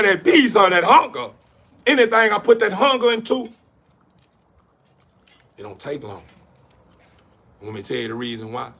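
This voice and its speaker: A man with a high-pitched voice rambles through a preachy motivational monologue. He loops back on his phrases and talks in street slang. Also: animated, moderate pace, gravelly, long pauses, a bit bright. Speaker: dog breeder talking to camera.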